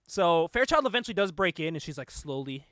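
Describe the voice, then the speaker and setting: High, bright-voiced man recapping excitedly. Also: no echo, studio quality. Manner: animated storytelling, laughs often, acts out lines. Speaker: podcast host. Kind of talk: casual chat recapping a movie.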